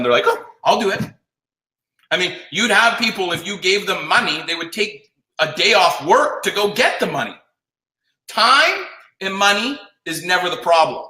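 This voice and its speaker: A man coaching a live audience in a blunt, profane, rapid-fire pep talk. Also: mid-range voice, sharp tone. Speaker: sales coach. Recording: roomy echo.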